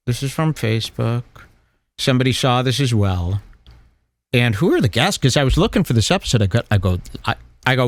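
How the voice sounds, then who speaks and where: A man's voice: medium pitch, animated, moderate pace, pauses often, dry recording. A man hosting a podcast in casual chat, swearing and acting mock-exasperated while reacting to clips. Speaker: podcast host.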